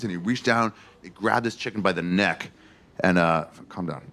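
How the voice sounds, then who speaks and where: A man's voice: lowish voice, a little fast, fairly bright tone, a little hiss or hum. A man hosting a podcast sign-off and then telling a crude, rambling stand-up story. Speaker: podcast host and comedian.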